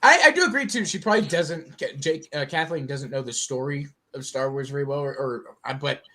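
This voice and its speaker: A man's voice: mid-range voice, expressive, brisk, pushed and bright. A man with a mid-range voice weighing in on a movie discussion. He stalls often, repeating little words before getting to his point. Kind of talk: casual movie chat.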